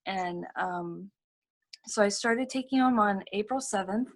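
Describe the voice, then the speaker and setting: A woman's voice: mid-range voice, fairly even intonation, unhurried. A middle-aged woman sharing a personal testimony over a video call, earnest and full of fillers and repeated phrases. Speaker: testimonial speaker.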